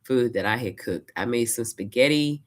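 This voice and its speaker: A woman's voice: very deep voice, moderate pace. A woman from Louisiana, chatting casually in a vlog and retelling her days with quoted asides. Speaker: vlogger. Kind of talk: casual personal storytelling.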